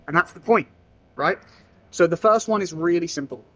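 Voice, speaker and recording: A young man giving casual sales advice, now and then acting out phone calls in lively voices. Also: sits high, moderate pace. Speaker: sales trainer. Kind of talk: casual talking-head advice.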